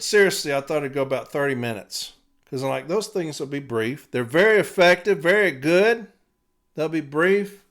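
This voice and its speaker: A man hosting a podcast alone, talking bluntly and cursing a lot, dropping to mutters and then rising to loud rants. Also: on the high side. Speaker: podcast host. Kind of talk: casual podcast monologue.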